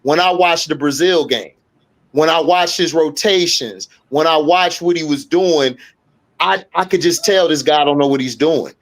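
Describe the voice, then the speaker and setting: A man's voice: on the high side, normal speed. Ranting, profane man co-host. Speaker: sports podcast co-host. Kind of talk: casual sports chat.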